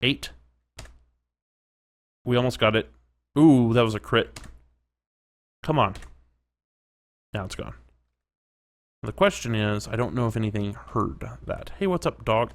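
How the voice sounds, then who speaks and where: A man's voice: fairly low pitch, unhurried, long pauses. Chatty man doing let's-play commentary. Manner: chatty, reacting aloud, sometimes whispering. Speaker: gaming commentator.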